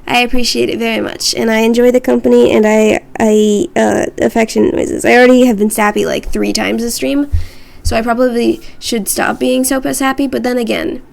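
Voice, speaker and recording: Woman streamer, casual rambling chat from her room, playful and self-mocking, raised pitch with a creaky edge. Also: little pitch movement, a little fast, darkish tone.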